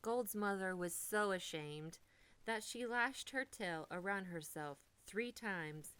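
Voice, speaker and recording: Slow, bright-voiced woman reading a storybook. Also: medium pitch, clean tone. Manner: slow, expressive, dips into whispers for drama. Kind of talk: children's storybook read-aloud.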